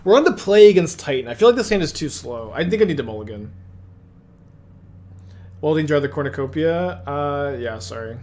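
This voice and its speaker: A man's voice: a little high, lively intonation, fairly quick, a little mellow. A man playing an online card game and thinking aloud as he plays, musing, correcting himself and muttering asides.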